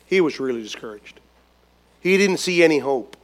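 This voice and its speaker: A man preaching a sermon as a pastor, emphatic and repetitive, swinging between loud stresses and hushed lines. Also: on the high side, animated, a little fast. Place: church gathering.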